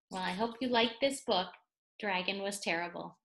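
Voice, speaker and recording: A woman's voice: medium pitch, moderate pace, fairly bright tone. Woman reading a picture book to kids. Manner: explains words, adds playful asides. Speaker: read-aloud storyteller for children. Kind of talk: children's picture book read-aloud.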